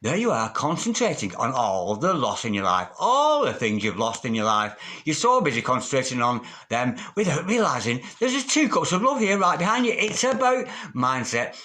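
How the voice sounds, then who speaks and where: A man's voice: a little high, pushed and bright. A man giving a tarot reading in a theatrical, sing-song manner, calling the listener darling. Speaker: tarot reader.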